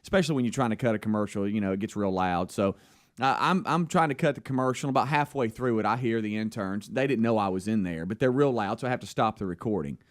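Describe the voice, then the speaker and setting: A man's voice: lowish voice, expressive, fast. A man with a Southern US accent, a radio co-host telling a rambling story in casual talk on air, acting out the phone calls in it. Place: radio studio.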